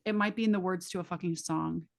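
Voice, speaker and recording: Woman facilitator, lowish voice, casual and emphatic, swears freely, talks straight to students, live class. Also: steady tone, fast, creaky. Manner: vivid imagery, direct address to students.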